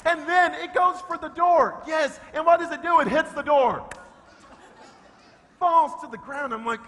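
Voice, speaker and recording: A male pastor telling a comic story in a sermon, shifting between loud shouts and hushed low talk. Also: normal speed. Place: church sanctuary. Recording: long reverb of a church hall.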